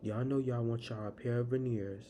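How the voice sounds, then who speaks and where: A man's voice: medium pitch, steady tone, normal speed, dark tone. A young man hosting a live podcast, talking in a rambling, casual way. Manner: rambling, casual, fillers and restarts. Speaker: podcast host. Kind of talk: solo podcast monologue. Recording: noisy live stream audio.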